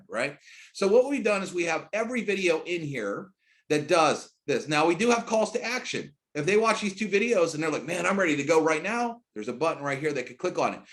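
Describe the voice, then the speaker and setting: Hyped fast-talking man with loud bursts. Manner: hyped, rapid and emphatic, with sudden loud high bursts. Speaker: network marketing trainer. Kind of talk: screen-share training presentation.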